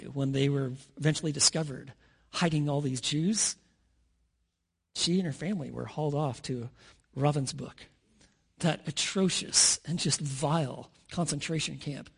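Pastor, male, earnest sermon delivery with dramatic pauses; somewhat raised pitch. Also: slightly rough. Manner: earnest preaching with dramatic pauses and rising emphasis.

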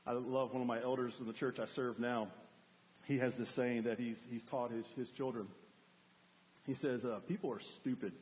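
A man preaching a sermon as a pastor, animated, acting out cries for help to make his point. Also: medium pitch, normal speed, a little hiss or hum. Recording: long hall reverb.

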